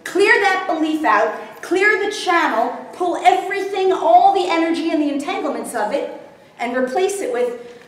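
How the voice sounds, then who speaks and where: With an extremely high, animated voice, a woman talks at moderate speed during a live spiritual workshop. She keeps confirming that her audience is following. The mic is distant, the room very echoey, and there's a faint layer of noise.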